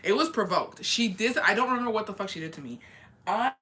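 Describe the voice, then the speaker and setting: A woman's voice: mid-range voice, animated, fast talker, pushed and bright. A young woman telling a casual storytime confession, rambling and swearing, with lots of fillers, often laughing at herself. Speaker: vlogger.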